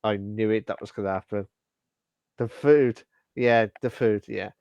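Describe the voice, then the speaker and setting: A man's voice: on the low side, fairly even intonation, unhurried, gravelly, dry recording, highs cut off. A man co-hosting a live-streamed podcast, talking casually with many fillers and restarts. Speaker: podcast co-host.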